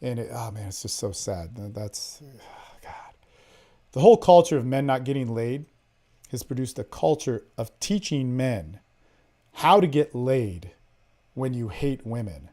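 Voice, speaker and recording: A man hosting a podcast, coaching listeners on dating in a blunt, profane way, swinging between loud emphasis and low murmurs. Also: measured pace. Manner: animated, acts out his own lines in a hushed voice. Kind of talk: casual coaching talk.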